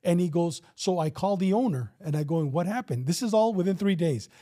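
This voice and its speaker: A man's voice: high-pitched, fairly quick, warm tone. A man in his fifties, a retired police officer, telling a story in a casual interview and acting out the dialogue with some swearing.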